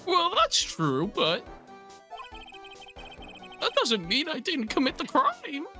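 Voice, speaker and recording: A woman's voice: high voice, huge pitch swings, slow, bright, forceful tone, faint music behind, pitched above the performer's own voice, full character voice. A woman voicing a jittery young man who keeps insisting he is guilty, stammering as she reads game lines aloud. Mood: insistent. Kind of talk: reading game dialogue aloud.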